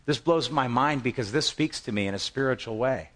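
A man preaching a sermon with lively, conversational storytelling. He jumps into the voices of the people in the passage and then drops back into plain talk, often restarting a phrase and repeating words. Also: mid-range voice, brisk. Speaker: pastor.

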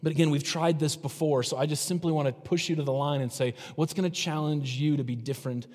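A man's voice: on the high side, steady tone, quick pace, a little mellow. A middle-aged male pastor preaching a sermon in a conversational way, throwing rhetorical questions at the congregation. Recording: long hall reverb.

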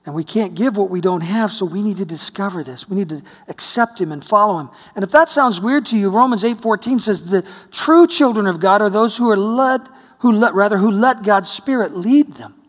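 A man from the United States preaching a sermon, telling a story, swinging between hushed and exclaiming. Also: high voice, lively intonation, brisk. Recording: long hall reverb.

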